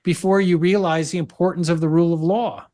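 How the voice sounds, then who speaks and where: A man appearing as a legal analyst guest on a talk show, making his argument in a measured way. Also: a little high, steady tone, warm tone. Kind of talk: political talk show conversation.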